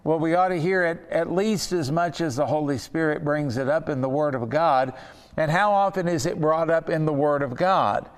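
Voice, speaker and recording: Earnest male Bible teacher, smooth voice. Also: on the high side, in a large hall. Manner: earnest, slows down to stress key words. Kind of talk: Bible study lesson.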